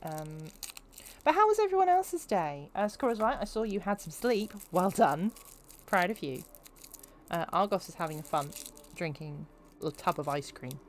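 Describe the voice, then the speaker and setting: A woman's voice: on the low side, big pitch swings, moderate pace, a little hiss or hum. A young woman streaming a video game, chatting and giggling with her viewers as she plays. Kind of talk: casual gameplay commentary.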